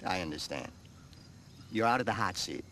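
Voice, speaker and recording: A man's voice: low voice, lively intonation, a bit bright. A man voices a theatrical leader who stretches his words dramatically, his voice swooping widely. A faint hum of noise sits behind him. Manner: dramatic, drawn-out scene-setting.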